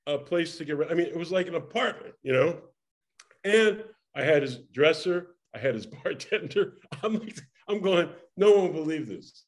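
An older man, a guest in an interview, tells a lively story from his performing days, laughing often and restarting his sentences. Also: a little high, normal speed. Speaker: interview guest, former actor and singer. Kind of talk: casual anecdotal storytelling.

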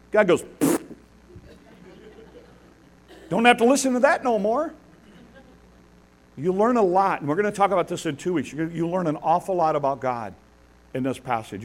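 A man preaching a sermon, animated, acting out the biblical figures he tells about with a laugh now and then. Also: fairly high pitch. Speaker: pastor.

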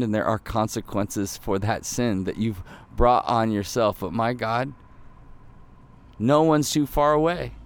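A man preaching a sermon in an earnest voice that drops soft and low, then rises with emphasis. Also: clear, resonant tone. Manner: earnest, swings between soft intimate lows and rising emphatic peaks. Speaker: pastor.

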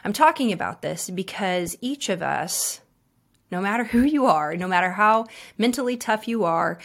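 A woman's voice: mid-range voice, lively intonation, moderate pace, vocal fry. A woman in her thirties hosting a devotional podcast, talking in an earnest, encouraging way with casual fillers. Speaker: podcast host.

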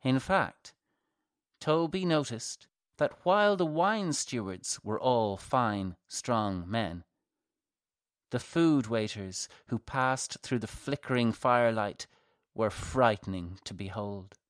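A man reading a novel aloud as a measured audiobook narrator. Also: medium pitch, animated, clear, resonant tone, dry recording, studio quality. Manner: slow, measured.

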